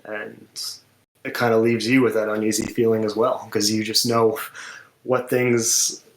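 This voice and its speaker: A man's voice: fairly low pitch, level tone, unhurried, reverberant. A man co-hosting a podcast, chatting casually about a film and rambling with lots of filler words. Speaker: podcast co-host. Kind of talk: casual film review chat.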